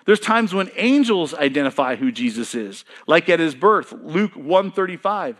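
A middle-aged male pastor preaching with lively emphasis and a fairly high voice. He quizzes the congregation and then answers the questions himself, swinging his pitch up and down as he drives each point home. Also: normal speed. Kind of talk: sermon.

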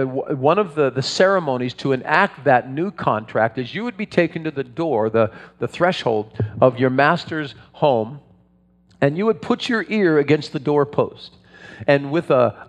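Preacher man in an echoing hall. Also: a little high. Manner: storytelling, conversational with frequent restarts. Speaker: pastor. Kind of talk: sermon. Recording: long hall reverb.

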